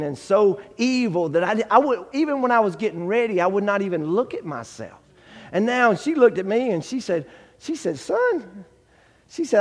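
A man giving a testimony sermon, acting out the dialogue in his story and swinging from hushed to shouting. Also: sits high, big-room sound. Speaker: guest preacher giving testimony.

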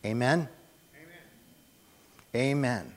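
Preacher, male, slow and earnest, repeats lines for weight; miked in a church hall with long reverb. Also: mid-range voice, expressive. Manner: soft-spoken, earnest, repeats phrases for emphasis. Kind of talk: sermon. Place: church hall with sound system. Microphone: handheld or stand microphone on a PA.

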